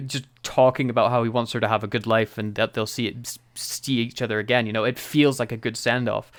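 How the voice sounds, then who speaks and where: A man co-hosting a podcast in casual chat, animated, laughing often and acting out quotes. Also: mid-range voice. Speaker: podcast co-host.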